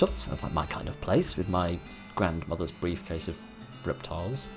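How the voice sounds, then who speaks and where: A man's voice: low voice, animated, normal speed, music in the background. Sarcastic man reading a game aloud. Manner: dry, sarcastic, rambling asides. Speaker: gaming video host. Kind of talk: let's-play commentary and reading game text.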